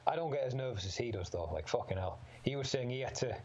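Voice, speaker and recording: Here the amateur MMA fighter sounds a little mellow, with a medium pitch, lively intonation, and a fast pace. As a guest in a casual chat, he rambles about fighting, swears freely, and laughs a lot, and the lo-fi sound is slightly dull.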